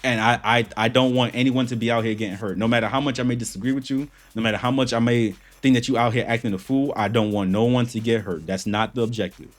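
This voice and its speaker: A man's voice: mid-range voice, steady tone, quick pace, hardly any pauses. A man hosting a reaction channel, giving blunt, heated commentary and repeating his points for emphasis.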